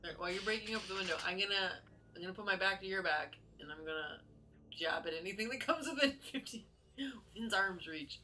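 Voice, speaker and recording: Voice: mid-range voice, fast talker, pushed and bright, a little hiss or hum. A tabletop game player speaking playfully and laughing easily. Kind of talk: casual tabletop play.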